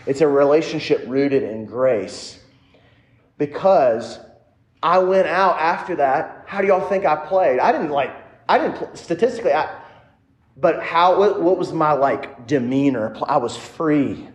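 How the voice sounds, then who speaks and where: A man's voice: a little high, expressive, measured pace, reverberant. A man preaching a sermon in a casual, conversational way, telling a personal story and turning often to the audience. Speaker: pastor.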